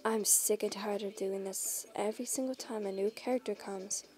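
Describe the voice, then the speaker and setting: A woman's voice: medium pitch, moderate pace, breathy edge, pitched below the performer's own voice, natural voice. A woman voicing a grumpy, jaded toy-piece creature in a fan audio role-play, complaining wearily. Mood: weary. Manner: weary, flat complaining.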